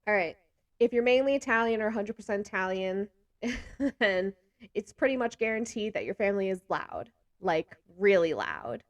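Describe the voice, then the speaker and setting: Animated, laughing woman vlogger. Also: mid-range voice, normal speed, no room sound. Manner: animated, laughs often between remarks; talks with hands a lot. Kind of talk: casual chat to camera.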